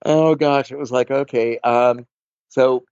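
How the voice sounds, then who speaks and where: A man guest in an interview, talking in loose, winding anecdotes full of "like" and "you know." His voice sits at an ordinary pitch. It comes through dull and dry, as if from a modest mic with no room sound. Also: fairly even intonation, slow, a little mellow, smooth, no room sound. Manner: chatty, rambling, full of fillers and restarts. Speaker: makeup artist guest. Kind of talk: casual storytelling interview.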